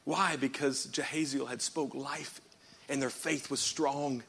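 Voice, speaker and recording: A man pastor preaching a sermon in church, swinging from quiet reading up to shouted, rhythmic repeated phrases and calling out to the congregation. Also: a little high, unhurried, gravelly. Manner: calls out to the congregation.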